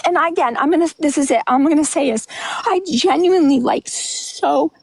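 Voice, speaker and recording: A livestream host delivers a candid monologue in a high, slightly creaky and mellow voice at normal speed. She talks bluntly and emotionally, rambling, restarting her thoughts, and sounding a bit out of breath.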